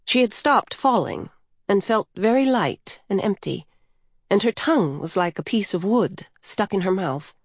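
A woman narrating a story in an unhurried, measured way. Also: mid-range voice, very animated, husky, no room sound, clean studio sound.

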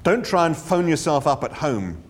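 A man doing an unflappable alien traveller with a dry, clipped delivery. Flat and knowing in tone, while his pitch still rises and falls with some life. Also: moderate pace, a little hiss or hum. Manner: dry, matter-of-fact, clipped.

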